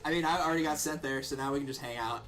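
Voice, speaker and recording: A man's voice: a little high, rapid-fire. A man hosting a livestream, chatting casually and laughing often while playing a party game. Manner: laughs often, animated, jokey. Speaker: livestream host. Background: game music.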